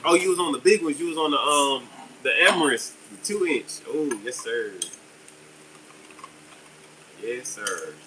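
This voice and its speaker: A man's voice: mid-range voice, measured pace, long pauses, distant mic. A middle-aged man hosting a casual live stream, chatty and upbeat as he answers viewers' comments. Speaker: livestream host selling fishing jigs. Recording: steady air conditioner hum behind.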